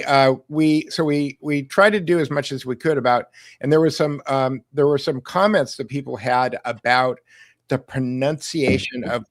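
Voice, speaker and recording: Man hosting a podcast, casual chat, halting restarts, dry close sound. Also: medium pitch, no room sound. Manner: halting, repeats words when starting. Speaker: podcast host.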